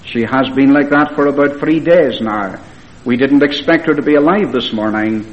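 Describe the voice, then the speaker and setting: A man's voice: mid-range voice, moderate pace, lo-fi sound, natural voice. A man voicing a hospital nurse who speaks matter-of-factly and with reluctance. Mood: firm. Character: brisk, doubtful hospital nurse, woman.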